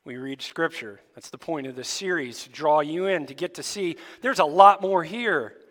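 A male pastor giving a sermon to his church, asking the congregation lively rhetorical questions. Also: on the high side, moderate pace, in a large hall. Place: church sanctuary.

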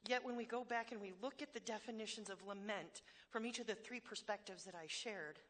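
A woman's voice: mid-range voice, brisk, fairly bright tone. Woman preacher, candid sermon delivery, emphatic repetitions, self-deprecating humor. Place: church hall before a congregation.

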